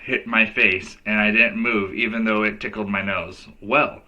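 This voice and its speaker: A man's voice: lowish voice, normal speed, lo-fi sound. A male teacher reading a children's novel aloud to kids, giving each character a voice. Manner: lively storyteller who voices each character.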